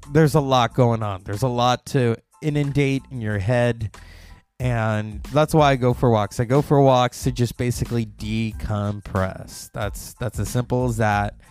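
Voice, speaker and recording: A man's voice: mid-range voice, darkish tone. A man hosting a casual solo podcast, rambling and gossipy, recorded close to the mic at home. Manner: rambling, gossipy, puts on mocking voices for quotes. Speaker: podcast host. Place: indoors at home. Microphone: mic close to the mouth.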